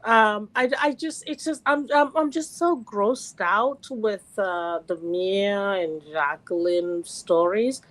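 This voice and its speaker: A middle-aged woman from California calling in to chat, animated and quick to laugh, with many restarts. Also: mid-range voice, poor audio. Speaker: caller. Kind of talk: casual call-in chat.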